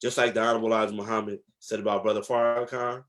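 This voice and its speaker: Low-voiced man telling stories slowly. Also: level tone, fairly bright tone. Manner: reflective, slow, emphatic storytelling with many fillers. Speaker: guest, historian. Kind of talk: casual interview storytelling.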